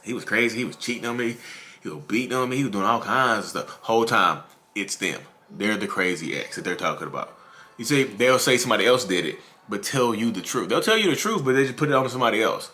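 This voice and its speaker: A man with a lowish, expressive voice talks fast and forcefully, with a bright tone, while hosting his own channel about narcissism. His casual delivery is repetitive, and he calls the people watching "y'all."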